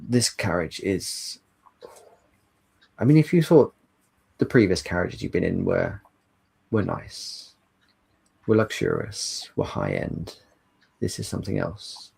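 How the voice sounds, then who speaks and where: A man narrating as game master, setting scenes in an unhurried, descriptive way. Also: low-pitched, big pitch swings, vocal fry, a little mellow, slightly rough, poor audio.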